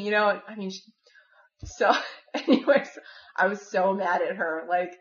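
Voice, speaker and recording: In an unhurried, steady, medium-pitched voice, a former volunteer describes living with a host family, telling the story casually and loosely with lots of "like" and "you know." It was recorded in a dull, echoey room.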